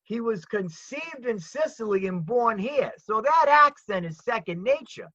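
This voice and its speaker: A man with a high, bright voice chats eagerly about comedy, often repeating himself for emphasis. He sounds close and dry through a dull, lo-fi video call connection. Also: animated, measured pace, no echo. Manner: chatty, enthusiastic, repeats words. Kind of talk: casual video chat.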